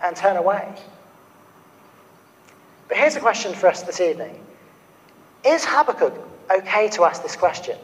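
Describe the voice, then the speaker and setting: Preacher guy, pretty high voice, earnest, asks the room lots of questions, long hall echo. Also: sing-song, moderate pace, pauses often. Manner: earnest, questioning the listeners directly. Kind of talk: sermon. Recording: reverberant hall.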